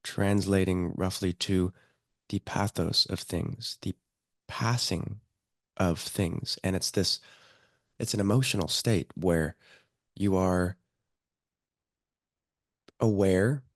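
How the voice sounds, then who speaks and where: A man's voice: sits low, a little mellow, no echo, clean studio sound. A man in his thirties, a podcast guest, speaking reflectively and hesitantly. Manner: slow, reflective, hesitant with fillers. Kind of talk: casual conversation.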